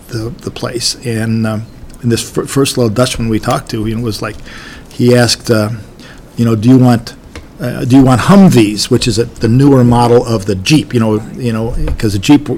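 A man's voice: mid-range voice, steady tone, normal speed, a little mellow, a little hiss or hum. An older army veteran gives an oral history recollection of his service, talking in a folksy, rambling way with many restarts.

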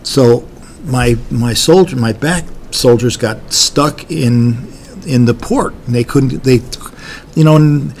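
Older man, army veteran, oral history recollection, folksy and rambling, many restarts, mid-pitched voice, faint background hum. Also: takes it slowly, vocal fry, a little mellow. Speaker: army veteran recalling service.

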